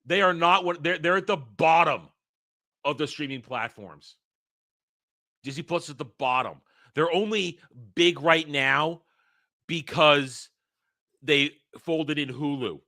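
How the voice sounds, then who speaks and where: A man's voice: fairly high pitch, expressive, a little slow, pushed and bright. A male host giving a heated, profane rant as he reads an article and tears it apart, repeating his points. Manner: heated, profane, repetitive rebuttals. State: hiccups. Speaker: host and commentator. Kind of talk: reaction rant, reading and rebutting an article.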